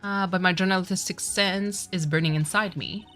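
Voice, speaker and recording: A woman's voice: fairly low pitch, fairly even intonation, normal speed, a bit bright, soft background music, close to an everyday voice. A woman reading the lines of a brash young female photographer in a near-plain voice.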